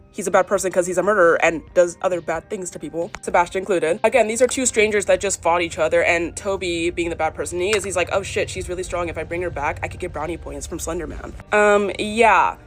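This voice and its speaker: A young woman writer ranting in a casual phone vlog, exasperated and emphatic, repeating her points. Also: medium pitch. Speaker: fan fiction writer. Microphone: phone selfie.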